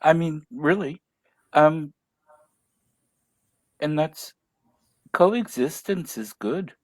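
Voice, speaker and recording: A man hosting a live interview, speaking slowly and thoughtfully as he agrees with his guest. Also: on the high side, lively intonation, no echo. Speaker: host.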